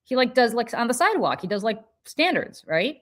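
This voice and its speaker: A woman hosting a podcast, telling a story in casual chat with lively, profane energy. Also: a little high. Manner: animated, profane, quick restarts. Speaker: podcast host.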